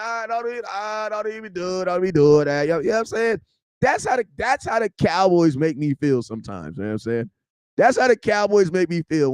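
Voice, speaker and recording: Man fronting a fan vlog, high voice, dry close sound, slangy and animated. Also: smooth, no echo. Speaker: sports vlog host. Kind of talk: casual unscripted rant.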